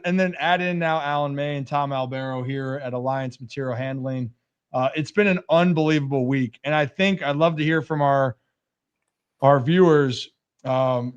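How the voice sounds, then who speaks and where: A man's voice: on the high side, smooth. A young man hosting a sports talk show, joking and rambling in casual chat. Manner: joking, rambling, puts on voices. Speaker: host.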